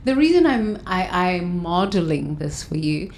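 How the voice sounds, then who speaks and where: A woman hosting a guided breathing session and self-help talk, counting breaths slowly and soothingly, with loud sighs. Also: on the low side, big pitch swings, slight background noise. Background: faint instrumental music.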